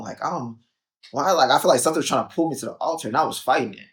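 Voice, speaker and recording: A man's voice: mid-range voice, fast. Chatty young man telling a story. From Chicago. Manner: animated storyteller, acts out quotes, frequent "like" and "um". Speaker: podcast guest. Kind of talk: casual storytelling interview.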